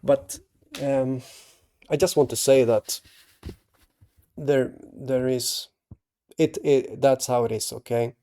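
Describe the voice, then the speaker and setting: A man hosting his own channel, talking to camera in a halting, earnest way, restarting his sentences and checking in with tag questions. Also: medium pitch, fairly even intonation, mellow. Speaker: artist and channel host. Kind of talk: casual talk to camera.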